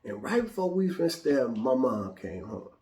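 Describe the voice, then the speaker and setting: A male host telling a personal story in an animated, casual, profane way, with frequent restarts. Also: mid-range voice, moderate pace, echoey room. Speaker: show host.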